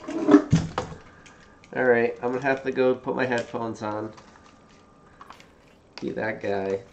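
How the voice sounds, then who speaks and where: A man's voice: medium pitch, fairly even intonation, slow, vocal fry, heavy background noise. A man hosting a live podcast, joking about his own setup in a self-mocking way. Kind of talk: casual chat on a live podcast.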